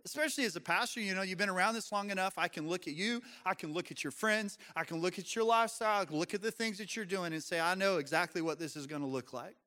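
Pastor guy joking with his church, bright voice, big echoey sanctuary. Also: sits high. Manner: conversational, joking with the congregation. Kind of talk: sermon.

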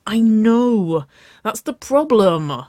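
A reader voicing a shy, lovestruck young woman who speaks softly and sheepishly, with a whiny edge. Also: medium pitch, sing-song, slow pace, no echo, studio quality, voice pushed up. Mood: grumbling.

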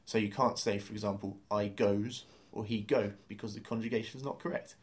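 A man's voice: on the low side, steady tone, a little fast. A man teaching a beginner language lesson, explaining grammar step by step and spelling out words letter by letter.

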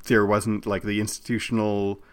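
A man co-hosting a casual podcast, arguing his views in quick bursts with frequent restarts. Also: on the low side, monotone, smooth. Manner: opinionated, talks in bursts with restarts. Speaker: podcast co-host.

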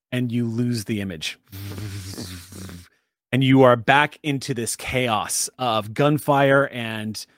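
A man's voice: medium pitch, fairly bright tone, no room sound. Game master, a man, conversational storytelling, dry close sound. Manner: descriptive, conversational narration with fillers. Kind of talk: narrating a tabletop game.

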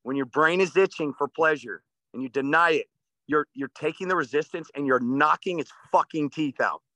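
A man's voice: on the high side, normal speed, bright, forceful tone, no room sound. A man co-hosting a casual podcast, talking in an intense, profane, motivational way.

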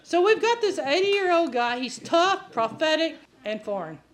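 A woman preacher giving a sermon full of animated stories, often laughing and acting out the voices of people she quotes. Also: sits high, normal speed. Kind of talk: sermon with storytelling.

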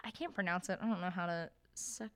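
A young woman co-hosts a podcast, chatting casually about a book with lots of fillers and acting out quotes. Her voice sits lowish and moves a little fast.

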